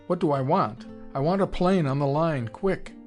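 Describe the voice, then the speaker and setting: A man voicing a hotheaded young fighter pilot who shouts urgent orders and demands. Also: fairly high pitch, moderate pace, soft background music, close to an everyday voice. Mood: shouting.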